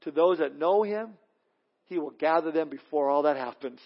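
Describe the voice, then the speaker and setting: A man's voice: fairly high pitch, normal speed. A man preaching a verse-by-verse sermon, earnest and emphatic, often repeating words as he restarts a thought. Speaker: pastor teaching through a Bible book. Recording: dull lo-fi audio.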